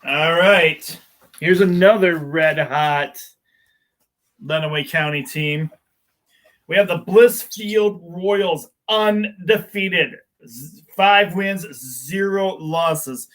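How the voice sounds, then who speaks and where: A man's voice: sits high, drawn-out words, fairly bright tone, rough recording. A man hosting a casual local sports show, rambling through predictions with many restarts and "uh"s. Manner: rambling, with frequent fillers and restarts.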